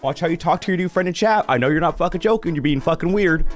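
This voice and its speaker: A man's voice: fairly high pitch, fast, soft background music. A young man streaming live, chatting casually with his viewers, ranting animatedly and swearing freely.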